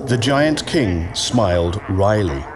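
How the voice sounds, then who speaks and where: Slow expressive male storyteller. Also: fairly low pitch, noisy background. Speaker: narrator. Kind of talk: scripted story narration.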